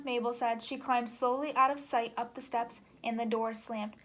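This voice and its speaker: A woman reading a children's book aloud in an animated, expressive way. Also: a little high, moderate pace, hardly any pauses. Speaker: storybook reader.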